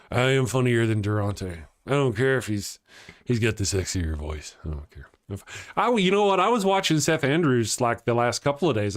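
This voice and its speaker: The host of an atheist morning show, speaking at an ordinary middle pitch, chats loosely on a livestream while reading viewer comments and joking around. He laughs a lot, trips over his sentences and restarts them, and he has a headache.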